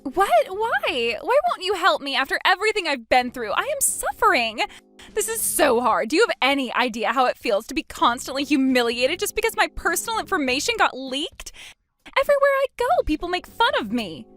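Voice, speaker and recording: A woman voicing a desperate, self-pitying adult sister-in-law who pleads and whines, her voice jumping high. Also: big pitch swings, brisk, fairly bright tone, faint music behind. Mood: indignant. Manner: pleading, whiny, pitch jumps high. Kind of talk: storybook narration.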